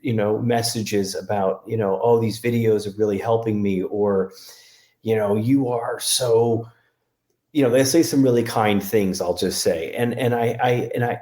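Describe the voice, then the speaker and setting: A man from Connecticut talking candidly as an interview guest, halting with many restarts. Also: on the low side, a little mellow. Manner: halting, lots of restarts and fillers. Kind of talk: candid personal conversation.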